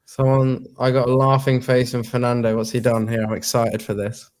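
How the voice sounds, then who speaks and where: A man's voice: mid-range voice, monotone, moderate pace, a little mellow. A man co-hosting a live stream, casually chatting about a race and greeting viewers. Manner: easygoing, chats with viewers. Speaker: stream co-host. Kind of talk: casual live race watch-along chat.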